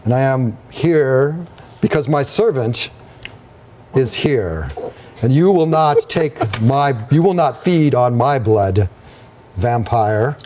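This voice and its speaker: A stern female spirit voice, put on by a man, slow, measured, commanding, tabletop game. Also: medium pitch, lively intonation, a little mellow, slight background noise.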